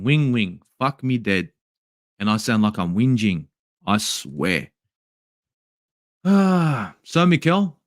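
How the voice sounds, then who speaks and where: An Australian man hosts a football channel from home in Sydney at night, angrily ranting through a match review with plenty of swearing and exasperation. His voice is medium-pitched, recorded in studio quality with no echo.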